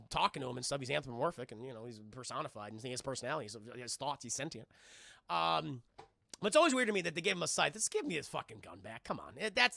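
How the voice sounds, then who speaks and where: A man giving a casual live-stream spoiler review of a film, profane and animated, with many restarts. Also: on the high side, gravelly, no echo.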